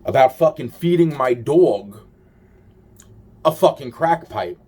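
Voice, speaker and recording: A man's voice: mid-range voice, lively intonation, slow pace, dark tone, breathy edge. A man in a rambling monologue, swearing constantly and trailing off with exasperated sighs. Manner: trails off with repeated sighs of "wow".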